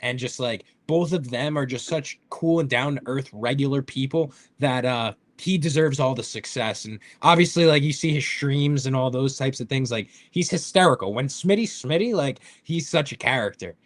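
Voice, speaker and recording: A man's voice: medium pitch, moderate pace, hardly any pauses. A man in casual sports podcast chat, telling enthusiastic stories full of fillers and restarts.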